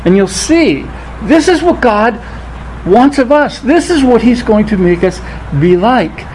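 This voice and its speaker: A man preaching a sermon, reading scripture aloud and rising in pitch on the quoted lines, thinking aloud with restarts. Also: lively intonation, a little slow, a little mellow, a little hiss or hum, rough recording. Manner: rises in pitch when quoting scripture.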